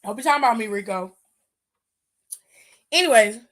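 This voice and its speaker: A woman's voice: fairly high pitch, animated, normal speed, fairly bright tone. A woman hosting a wrestling aftershow, talking in a blunt, sassy, profane way. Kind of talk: casual opinionated recap.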